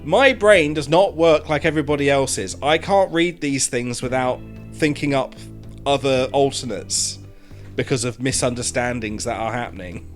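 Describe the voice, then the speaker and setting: A man commentating a dating game, reading its text aloud with sarcastic, animated asides, his throat hoarse. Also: mid-range voice, moderate pace, faint music behind. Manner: animated, sarcastic, swears freely. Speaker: gaming streamer.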